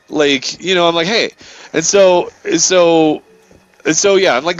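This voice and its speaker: A man's voice: fairly high pitch, normal speed, no echo, lo-fi sound. A man hosting a gaming channel, telling a rambling story full of swearing and filler words. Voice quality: profane, filler-heavy, animated retelling. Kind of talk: rambling storytelling over gameplay.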